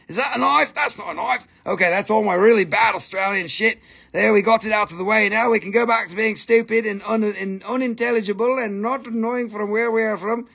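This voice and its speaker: A man's voice: high voice, fairly even intonation, brisk, vocal fry, a bit bright, husky. A man running a live sales stream for rocks and minerals, with hammy, playful patter in mock broken English.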